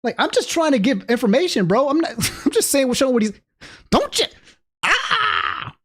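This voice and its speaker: A man's voice: very high-pitched, fast. A man livestreaming and talking casually to his chat, rambling with frequent restarts. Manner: rambling, restarts often, animated asides to chat. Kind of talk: casual stream commentary.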